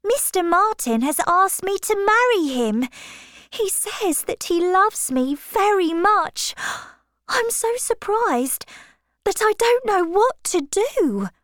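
A woman voicing an anxious, timid young woman who pleads in a high, breathless voice. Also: big pitch swings, slow, fairly bright tone, dry recording, studio quality, exaggerated voice.

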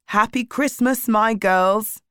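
A coaxing, jovial middle-aged father, read by a woman. He speaks at an unhurried pace. The sound is dry and close. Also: on the high side, a bit bright, clear, resonant tone, no echo, voice pushed up.

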